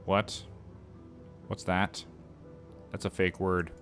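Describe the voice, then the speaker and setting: A man's voice: low-pitched, flat delivery, slow pace, fairly bright tone, faint music behind. Sardonic man commentating a game. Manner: sardonic, wry asides. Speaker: game streamer. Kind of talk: let's-play commentary.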